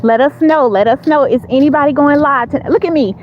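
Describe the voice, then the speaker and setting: A woman hosts a casual livestream, chatting and laughing with her viewers as she walks outdoors to her car. Her voice sits a little high and comes through a handheld phone with a dull, muffled sound. Steady outdoor noise runs underneath. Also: quick pace. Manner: chatty, talks to chat readers, frequent laughs and fillers. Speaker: livestream host. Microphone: phone held in hand.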